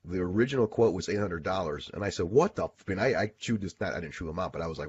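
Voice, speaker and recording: A man's voice: deep voice, lively intonation, very fast. A man co-hosting a casual talk radio show, telling crude stories and joking. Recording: dull lo-fi sound.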